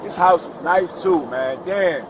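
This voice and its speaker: A man from New York arguing with a police officer on the street, agitated, yelling and swearing, picked up by a body camera. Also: a little high, unhurried, noisy background. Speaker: detained pedestrian. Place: outdoors on a city street.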